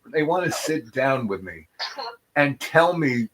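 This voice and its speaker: A man hosting a comedy show, telling a meandering story full of restarts and absurd deadpan asides. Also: mid-range voice, unhurried, a crowd in the background. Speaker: comedic YouTube host. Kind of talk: rambling comic storytelling monologue.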